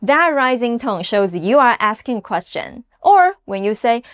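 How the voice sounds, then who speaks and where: A woman with a high voice that leaps up and down as she narrates a scripted beginner language lesson. She sounds upbeat and encouraging and says each example word slowly and clearly. Her voice is recorded dry and close, with no room sound around it. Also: big pitch swings, dry recording. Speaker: language teacher.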